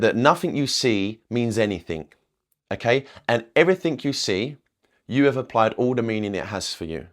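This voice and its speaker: A man, a manifestation coach, teaching in a casual, rambling way, often checking in with "okay?" and swearing now and then. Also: mid-range voice. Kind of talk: casual spiritual teaching to camera.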